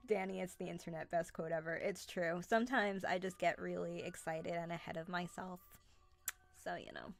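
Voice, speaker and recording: A woman's voice: on the low side, normal speed, creaky, faint music behind. Chatty young woman hosting a live stream. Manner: chatty, excitable, greets viewers by name. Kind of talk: casual live-stream chat with viewers.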